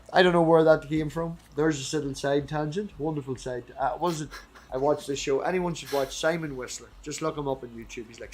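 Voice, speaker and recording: An Irish man hosting a loose, casual debate. His talk is chatty and meandering, peppered with swearing and side tangents, and he slows right down when reading old scripture aloud. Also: mid-range voice, darkish tone. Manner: rambling, swears freely, goes off on tangents. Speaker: host.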